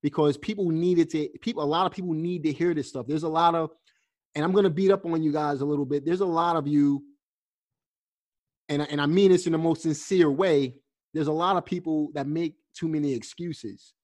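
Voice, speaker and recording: Podcast host guy, kinda high voice, earnest and pep-talky, lots of uh's. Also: steady tone, a little fast, darkish tone. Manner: earnest, encouraging, many fillers. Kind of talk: casual podcast interview.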